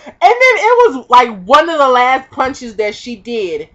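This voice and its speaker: A young woman vlogger telling a comic personal story, animated and profane, acting out the voices of the people in it. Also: sits high, measured pace. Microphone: webcam. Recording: dull lo-fi webcam audio.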